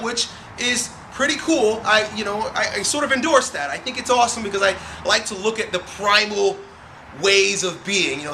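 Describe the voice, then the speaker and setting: A young man with a Long Island accent, a strength coach hosting his own show and answering a viewer's question in an energetic, streetwise, talkative way. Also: high-pitched, creaky, slight background noise.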